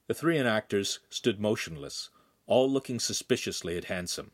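A man narrating a young adult novel with animated storytelling. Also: fairly low pitch, normal speed. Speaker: audiobook narrator. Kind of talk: scripted narration.

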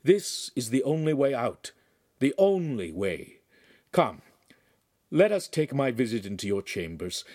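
A man voicing a calm, fatherly older male priest who soothes and preaches, in an audiobook. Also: medium pitch, measured pace, no room sound, studio quality, pitched above the performer's own voice. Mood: preachy.

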